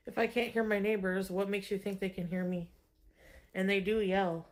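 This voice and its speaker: A woman streaming from home, chatting casually and breaking into high baby talk now and then. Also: flat delivery, normal speed. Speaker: livestreamer. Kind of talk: casual livestream chat.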